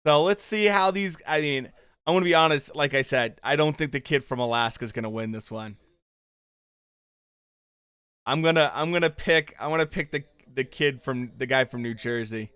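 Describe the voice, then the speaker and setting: Bright, crisp-voiced man chatting on stream. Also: mid-range voice, moderate pace, no echo. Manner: chatty, reacts to chat and the show with loose fan talk. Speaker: streamer hosting a watchalong. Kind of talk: casual livestream commentary.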